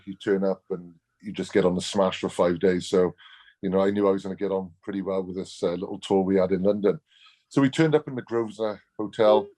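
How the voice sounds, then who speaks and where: A man's voice: lowish voice, a little mellow. A Welsh man, a former rugby player, telling stories as a guest in a casual, blunt way, laughing often. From Wales. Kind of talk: casual storytelling.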